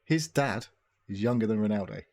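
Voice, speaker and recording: A man's voice: lowish voice, animated, fairly quick, vocal fry, darkish tone. A man co-hosting a podcast, rambling through jokey, sweary casual chat. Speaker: podcast co-host.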